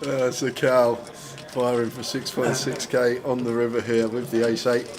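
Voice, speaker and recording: A man rambles through poker commentary, tripping over his words and restarting sentences as he laughs along. His voice sits at an ordinary middle pitch. A busy crowd murmurs clearly behind him. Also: completely flat delivery, moderate pace. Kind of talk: casual live commentary chat.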